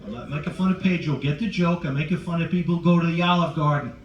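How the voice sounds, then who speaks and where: A man's voice: on the high side, fast talker, muffled recording. A middle-aged male stand-up comedian in a cruise ship show lounge, brashly teasing the audience as he works the crowd. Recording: roomy, distant, faint crowd ambience.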